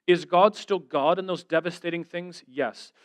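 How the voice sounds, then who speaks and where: A man's voice: high voice, steady tone, moderate pace, smooth, dry recording. A middle-aged man giving an earnest, conversational sermon as a guest speaker, telling stories and voicing the people he quotes.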